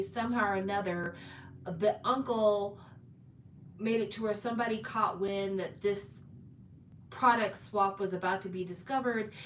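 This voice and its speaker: Woman casually recapping a story, roomy echo. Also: medium pitch. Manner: chatty, retelling with fillers and restarts. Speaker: drama recap host. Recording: roomy echo, distant from mic, faint background noise.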